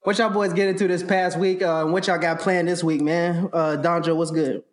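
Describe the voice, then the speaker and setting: Podcast host, man with a high voice, teasing and laughing, casual slang. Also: flat delivery, moderate pace. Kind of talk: casual chat.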